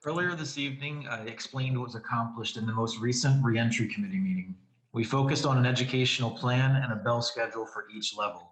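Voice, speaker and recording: A man, a committee member, giving a firm, measured prepared statement at a board meeting. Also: medium pitch, fairly bright tone, reverberant, poor audio.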